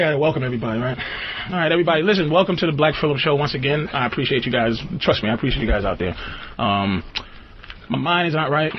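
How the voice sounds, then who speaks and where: Man, profane comedic rant, lo-fi clip, loud background noise. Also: mid-range voice. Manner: crude, laughing, exasperated. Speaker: show host.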